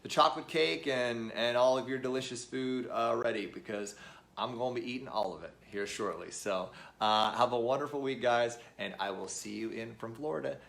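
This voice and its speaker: A man hosting a weekly motivational talk to camera. He speaks earnestly and repeats phrases to rally his viewers. His voice sits at an ordinary middle pitch. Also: normal speed, gravelly, fairly bright tone, slight background noise. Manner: addresses viewers as "guys". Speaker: host of a weekly motivational show.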